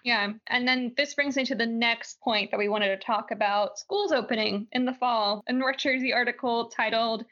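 A woman's voice: on the high side, fairly even intonation, normal speed, hardly any pauses, a bit bright. A young woman with a slight Southern accent, co-hosting a podcast in casual, opinionated news chat and laughing often. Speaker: podcast co-host. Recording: dull lo-fi podcast audio.

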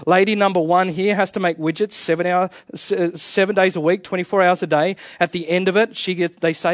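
Man preaching a lively sermon. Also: high voice, a little fast, hardly any pauses, dry recording, studio quality. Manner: conversational preaching with humor, repeats and restarts. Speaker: pastor.

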